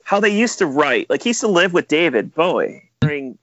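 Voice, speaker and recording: Animated, chatty man producer, dull audio. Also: fairly high pitch, brisk, no echo. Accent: Metro Detroit. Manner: animated storyteller, many "like" fillers. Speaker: music producer. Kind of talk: casual interview chat.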